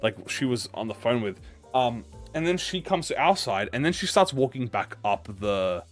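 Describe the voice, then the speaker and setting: Young man, gaming YouTuber, casual rambling story, profane, lively pitch swings, soft music underneath. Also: normal speed. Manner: profane, excitable, lots of restarts.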